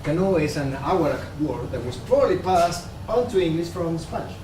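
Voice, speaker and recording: A man's voice: on the high side, animated, a little fast, distant mic, natural voice. A man playing a wry, lecturing river god. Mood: amused. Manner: amused, lecturing, gently teasing. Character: casual ancient river god, male, wry and knowing. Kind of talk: stage play reading. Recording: roomy stage, picked up from afar, noisy.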